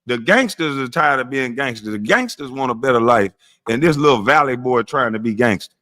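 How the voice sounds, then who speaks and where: A man's voice: mid-range voice, lively intonation, fairly quick, pushed and bright. A man streaming a blunt, mocking rant, full of profanity, talking straight to his chat. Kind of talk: ranting monologue on a live stream.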